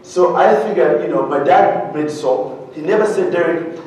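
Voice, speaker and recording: A man from Uganda telling a humorous, animated story to an audience, often asking them questions. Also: on the high side, moderate pace, slight background noise. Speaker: speaker. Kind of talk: storytelling keynote talk. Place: large hall with an audience. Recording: very echoey hall, heard from a distance.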